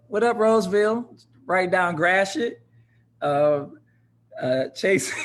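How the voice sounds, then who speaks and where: A young man from Michigan, hosting a livestream and energetically greeting viewers by name and city in a casual style. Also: high-pitched. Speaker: host of a livestreamed talk.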